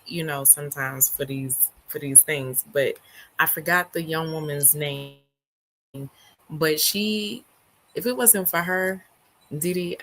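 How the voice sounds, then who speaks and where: A woman hosting a book club livestream, her voice hoarse and not fully recovered, talking in an animated, slangy way. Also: deep voice, a little hiss or hum. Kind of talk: casual livestream chat.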